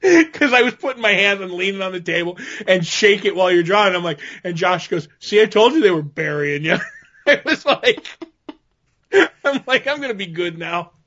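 Man, podcast co-host, rambling anecdotes, fillers, slightly high voice, dull lo-fi sound. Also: expressive, a little fast, hardly any pauses, fairly bright tone. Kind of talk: casual chat, storytelling.

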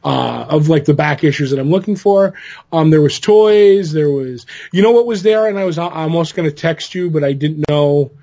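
A man's voice: fairly high pitch, moderate pace, warm tone, dull audio. A man co-hosting a podcast in casual chat, rambling through stories with many fillers and restarts. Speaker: podcast co-host.

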